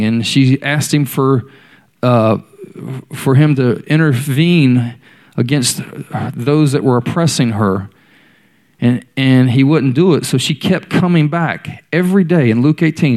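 A preacher with an ordinary, mid-range, slightly mellow voice delivers a sermon built on stories, voicing the characters in quotes. He keeps addressing the congregation directly with questions.

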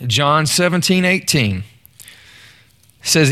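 Guy preaching, middle pitch, chatty storytelling, keeps asking the room to respond. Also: normal speed, fairly bright tone. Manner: conversational storytelling, repeats words, calls to the congregation. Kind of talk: sermon.

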